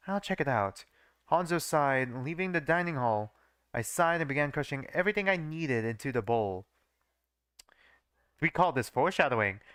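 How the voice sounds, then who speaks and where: A young man streams a reading of his old fanfiction, stopping often to mock it with casual swearing. His voice is bright and clear, with a lively, fairly high pitch. The sound is dry and close. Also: dry recording. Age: young adult. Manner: swears casually and laughs at his own writing. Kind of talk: live reading with joking asides.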